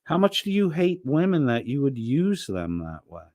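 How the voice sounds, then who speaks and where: A man's voice: medium pitch, big pitch swings, normal speed, dry recording, lo-fi sound. A man ranting angrily and profanely while arguing with someone on a livestream. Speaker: streamer. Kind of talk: heated livestream argument.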